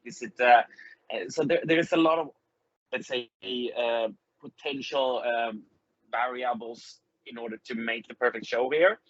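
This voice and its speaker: Husky Swedish-accented man, hesitant. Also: mid-range voice, a bit bright, no room sound, dull audio. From Sweden. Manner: hesitant, many fillers, friendly. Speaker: guest musician. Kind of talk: casual interview chat.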